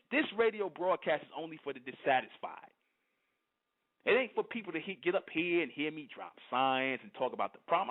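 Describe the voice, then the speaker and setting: A man with a voice on the high side hosts a radio broadcast, preaching to his listeners in a forceful, emphatic monologue and often stopping to ask "you understand?" The audio is narrow and phone-like.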